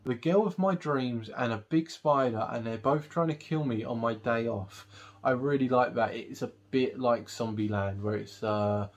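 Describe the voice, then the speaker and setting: A man in a casual movie review vlog, talking at an everyday middle pitch. He recaps the plot loosely, pausing often on ums and uhs as he goes. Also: highs cut off. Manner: rambling recap with many fillers. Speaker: film reviewer.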